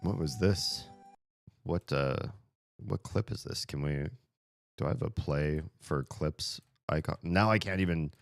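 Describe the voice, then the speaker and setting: A man's voice: very deep voice, unhurried, vocal fry, dry recording, faint music behind. A man streaming live and chatting casually with viewers, rambling, with many "like" fillers.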